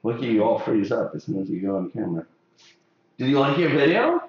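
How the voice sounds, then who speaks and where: A man's voice: mid-range voice, very animated, brisk. A man hosting a live haircutting stream, chatting and joking with many fillers as he works. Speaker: hairstylist host of a live haircutting show. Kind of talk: casual chat during a live stream. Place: hair salon classroom. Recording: very echoey room, dull sound.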